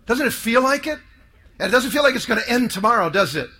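Male preacher, very high and bright tone, emphatic sermon, call-and-response. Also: sing-song, fast, husky.

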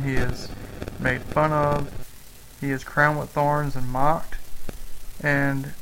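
A man guides listeners through a spoken rosary meditation in a slow, earnest and reflective way. His voice stays very flat in pitch and carries a gravelly fry. He sits at an average pitch for a man. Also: noisy background. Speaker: preacher leading a rosary meditation.

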